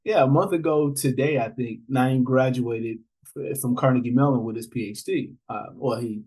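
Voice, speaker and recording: A man's voice: medium pitch, normal speed, slightly rough, rough recording. A man guesting on a podcast, telling stories with animation, laughing often and acting out what other people said. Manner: animated, laughs often, acts out quoted voices. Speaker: podcast guest, author and father. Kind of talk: conversational storytelling.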